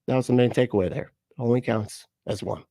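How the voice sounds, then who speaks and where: A man's voice: medium pitch, quick pace, gravelly, warm tone, dry recording. Brief casual male streamer, dry close sound, swears freely, rambles and jokes. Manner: profane, rambling, jokey, reads chat aloud. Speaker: streamer reacting to clips. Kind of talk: casual live-stream chat.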